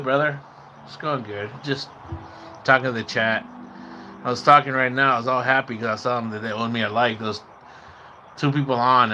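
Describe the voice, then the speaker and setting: A man hosting a loose, rambling livestream and chatting straight to his viewers. His voice is bright and forceful, and he mixes Spanish words into his talk. Now and then he breaks into excited whoops. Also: mid-range voice, a little hiss or hum. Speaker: livestream host. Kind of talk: casual livestream chat with viewers.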